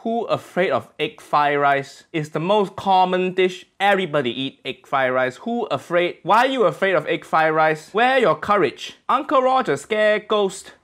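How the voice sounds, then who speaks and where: Guy playing a brash mocking uncle, big malaysian english accent, broken grammar, kinda high voice. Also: animated, normal speed, hardly any pauses, fairly bright tone. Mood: mock outrage. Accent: exaggerated Malaysian English. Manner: broken grammar, mock outrage. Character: brash loud middle-aged uncle comedian, mocking. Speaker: comedy video reactor. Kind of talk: comedic video reaction.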